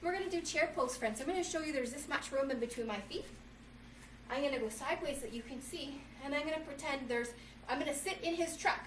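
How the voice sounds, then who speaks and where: A children's yoga instructor reads a storybook aloud at home while guiding kids through poses, her tone upbeat and encouraging as she calls them "friends." Her voice sits high, comes out fast, and is a bit bright. Captured from a distance, the recording is roomy, with faint ambience and slight background noise.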